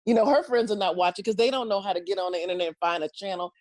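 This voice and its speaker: A woman guest telling a story in an animated way, laughing often and acting out what people said. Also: rapid-fire, dry recording. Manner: acts out quotes in loud high voices. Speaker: podcast guest.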